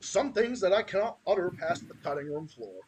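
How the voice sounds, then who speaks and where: A man's voice: high-pitched, very animated, brisk, noisy background. A man from Massachusetts with a Massachusetts accent, hosting a podcast in a heated, profane ranting style. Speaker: podcast host.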